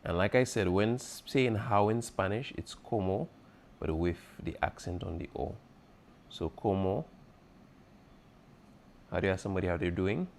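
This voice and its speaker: Low-voiced guy teacher going over exam stuff, keeps saying okay?, bit of background hiss. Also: normal speed, vocal fry, pauses often, darkish tone. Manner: patient, repeats key points, checks in with "okay?". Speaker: Spanish teacher. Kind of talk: exam review lesson.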